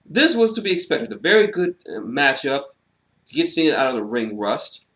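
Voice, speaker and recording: A man at medium pitch and a moderate pace gives a wrestling show review all by himself. He keeps it casual and animated, sarcastic and freely profane, with fillers cropping up often.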